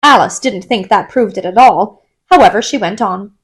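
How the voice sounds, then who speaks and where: A woman narrating a classic children's novel as a storybook reading, in a gentle, expressive storytelling manner. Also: mid-range voice, moderate pace. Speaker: audiobook narrator.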